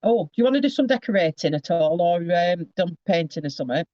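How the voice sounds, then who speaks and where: A man's voice: high-pitched, animated, quick pace, darkish tone, dry recording, muffled recording. A man giving a casual psychic reading over a video call, rambling and often breaking off with asides.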